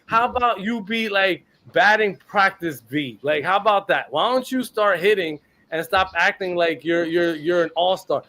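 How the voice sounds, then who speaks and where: Fired-up, profane New sports ranter. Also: male voice, high-pitched, normal speed, hardly any pauses. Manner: blunt, profane, animated. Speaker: podcast co-host. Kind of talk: heated sports rant.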